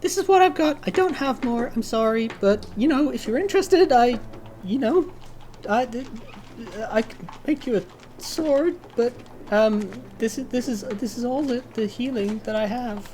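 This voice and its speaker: A man voicing a big female half-orc blacksmith with a high, sweet, girly voice and an eager, apologetic way of talking. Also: normal speed, darkish tone, a little hiss or hum. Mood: fretful.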